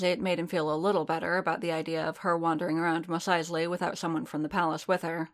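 A woman reading fan fiction aloud in a steady storytelling manner. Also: deep voice, brisk, gravelly. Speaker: narrator.

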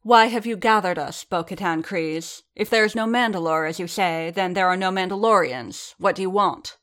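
A woman reading the part of a wiry warrior woman who challenges her leader with pointed, fast questions. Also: fairly low pitch, a bit bright, lightly acted. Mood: defiant. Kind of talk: audiobook reading.

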